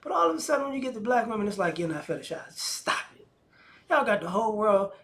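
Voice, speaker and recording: Man, high voice, casual opinion monologue, slangy, acts out quoted voices. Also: big pitch swings, fast, creaky, a bit bright. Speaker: commentator.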